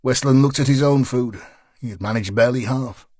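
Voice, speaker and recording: A man narrating a crime thriller audiobook in a measured storytelling voice with wry asides. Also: mid-range voice, darkish tone, dry recording, studio quality. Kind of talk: scripted narration.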